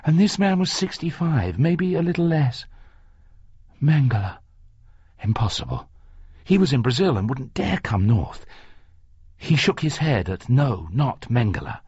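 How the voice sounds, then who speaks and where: A man narrating an audiobook in a slow, deliberate reading. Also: mid-range voice, darkish tone, breathy edge, dry recording. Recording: dry, slightly muffled recording.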